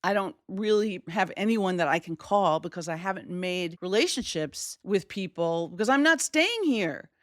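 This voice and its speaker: A woman's voice: fairly low pitch, normal speed, hardly any pauses, no echo, clean studio sound. A middle-aged woman from Wisconsin telling a personal story, acting out the voices she quotes. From Wisconsin, USA. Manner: animated, acts out quoted voices.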